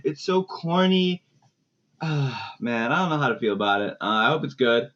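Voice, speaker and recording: A man's voice: medium pitch, animated, fairly bright tone, a little hiss or hum. A young man co-hosting a podcast, playful and teasing in casual music chat. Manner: playful, teasing, quick laughs. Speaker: podcast co-host. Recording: dull lo-fi mic.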